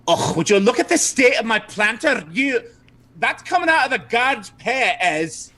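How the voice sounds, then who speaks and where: A man's voice: very high voice, sing-song, moderate pace, sharp tone, pitched above the performer's own voice, full character voice. A man voicing a fussy, scolding older woman fretting over her planter.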